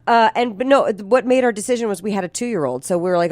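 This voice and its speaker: A woman in her forties chatting casually as a podcast guest, animated and quick to laugh. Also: medium pitch, no room sound. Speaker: guest, voice actor and comic.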